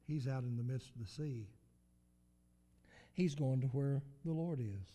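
A man's voice: mid-range voice, unhurried, warm tone. A man preaching a sermon in an emphatic, repetitive cadence, with swells of volume.

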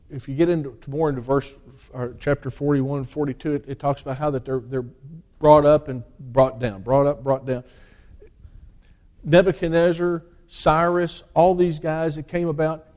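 A man preaches a sermon in a slightly high voice. He reads scripture aloud in a rising, forceful cadence, then drops into plain, homely explanation.

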